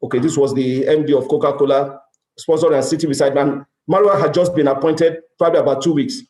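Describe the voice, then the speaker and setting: A man's voice: on the high side, fairly even intonation, fast talker, a little mellow. A middle-aged Nigerian man with a Nigerian accent, giving a motivational business talk at a conference and acting out dialogue with emphatic repetition. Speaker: conference speaker. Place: large conference hall. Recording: echoey hall sound.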